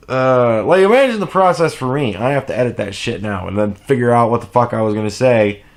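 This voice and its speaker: Gravelly, profane man ranting. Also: medium pitch, normal speed. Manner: animated, profane, rambling with restarts. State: sleep deprived. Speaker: commentary vlogger. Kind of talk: casual reaction commentary.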